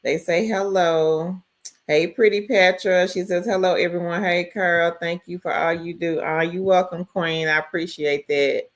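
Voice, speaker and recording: A woman's voice: lowish voice, steady tone, unhurried. A woman hosting a casual live stream, greeting viewers by name and reading their chat messages aloud. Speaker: livestream host.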